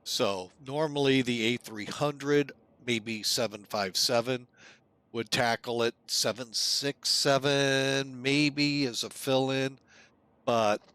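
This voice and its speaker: A man's voice: mid-range voice, slow, a bit bright, clean tone, dry recording. A man casually narrating a flight simulator session on a live stream, chatting to viewers as folks.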